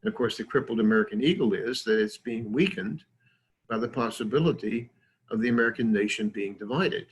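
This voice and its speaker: Husky-voiced male history lecturer. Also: on the low side, brisk. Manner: conversational, digressive, many fillers, self-deprecating. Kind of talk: lecture with slides.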